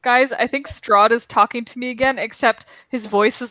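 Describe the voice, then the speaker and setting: A woman's voice: fairly high pitch, fairly even intonation, moderate pace, sharp tone, no room sound. A woman playing a tabletop game in character, dry and wary. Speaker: player.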